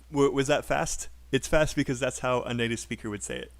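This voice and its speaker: A man's voice: mid-range voice, steady tone, a little fast, creaky, few pauses. A British man who teaches English in a live online class, upbeat and explaining, modelling sentences aloud for his students.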